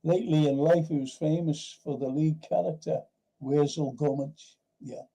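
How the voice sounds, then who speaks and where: A male livestream host with a gravelly, very dark voice. He rambles through anecdotes in loose casual chat, swears easily and keeps circling back to restart his sentences. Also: on the high side, steady tone, moderate pace, rough recording. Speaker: host of a film and TV review show.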